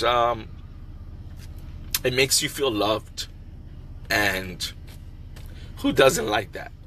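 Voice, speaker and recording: Slow, bright-voiced man giving encouragement. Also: mid-range voice. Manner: heartfelt, encouraging, many fillers. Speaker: restaurant owner. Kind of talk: casual motivational vlog. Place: in a car, then a wholesale store.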